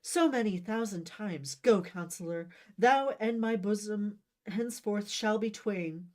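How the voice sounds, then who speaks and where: A woman's voice: medium pitch, unhurried, darkish tone, lightly acted. A woman voicing a tragic, theatrical young noble girl, declaiming old verse in an overwrought mock-Shakespearean way. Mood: vengeful. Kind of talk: dramatic reading of verse lines.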